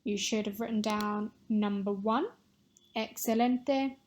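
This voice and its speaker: A woman teaching a recorded Spanish lesson, modelling words clearly and patiently for pupils to repeat. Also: mid-range voice, steady tone, slow, darkish tone, a little hiss or hum.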